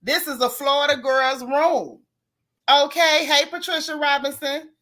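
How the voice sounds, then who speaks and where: A woman's voice: sits high, fairly even intonation, measured pace, sharp tone. A woman hosting a casual livestream, greeting each viewer by name with pet names like girl, sis and boo. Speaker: livestream host.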